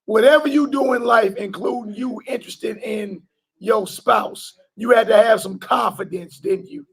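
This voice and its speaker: A man preaching an informal sermon to a live group, talking colloquially and loudly stressing his points. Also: high voice, normal speed, vocal fry, husky. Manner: loud emphatic bursts, colloquial, laughs often.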